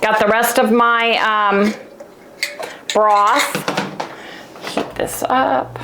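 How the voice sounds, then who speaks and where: A woman's voice: on the high side, fairly even intonation, background noise. A woman from Southern California with a Southern Californian accent, chatting casually and rambling in her home kitchen for her vlog. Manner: chatty and rambling, quick to apologize. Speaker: channel host.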